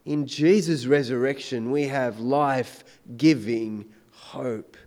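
A man preaching a sermon, swinging between loud emphatic declarations and hushed, intense questions. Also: mid-range voice, slow pace.

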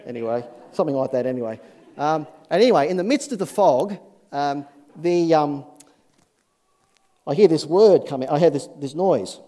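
Male pastor, mellow slightly high voice, folksy sermon delivery. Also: expressive, moderate pace. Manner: folksy, earnest, many fillers and restarts.

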